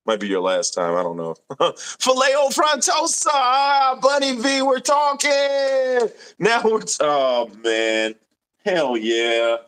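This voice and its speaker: A man's voice: fairly low pitch, fairly bright tone. A young man hosting a casual live stream, reading viewer comments aloud with a laid-back, laughing manner.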